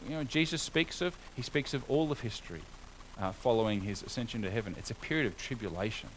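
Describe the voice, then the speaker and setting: Man preaching, sermon, earnest, rhetorical questions, mid-pitched voice, faint traffic noise behind. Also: expressive, fast, fairly bright tone, poor audio. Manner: earnest, rising to emphatic exhortation with rhetorical questions.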